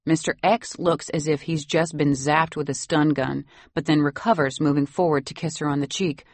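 A woman reading a first-person novel with a wry, dry edge. Her voice sits low, and the recording is close and dead, with no room sound. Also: flat delivery, normal speed, few pauses, no room sound. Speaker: narrator. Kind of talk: audiobook narration.

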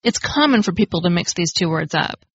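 A woman hosting a podcast, reading a scripted grammar lesson in a clear, explanatory way and stressing the key words. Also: lowish voice, animated, brisk, a bit bright, a little hiss or hum. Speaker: podcast host. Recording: dry, slightly dull lo-fi studio recording.

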